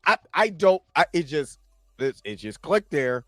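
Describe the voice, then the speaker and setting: Excitable man hosting a live chat. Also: on the high side, a little slow, no echo, studio quality, soft background music. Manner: excitable, laughs often, shouts when thrilled. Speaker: show host. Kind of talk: casual live-stream chat.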